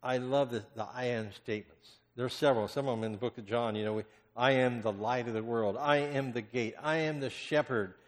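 A male pastor delivers a sermon in a large sanctuary, his voice trailing off into a long hall reverb. He swings from loud impassioned cries to hushed murmurs, with a mid-range pitch. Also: fairly even intonation, a little fast, hardly any pauses.

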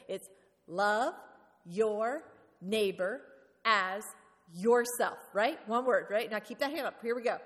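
Woman, preacher, lively sermon, playful, questions the congregation, reverberant church hall. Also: a little high.

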